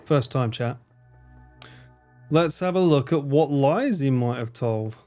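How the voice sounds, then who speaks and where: A man streaming a game live, joking, swearing and reacting loudly as he plays. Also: medium pitch, expressive, slow. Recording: game music playing behind.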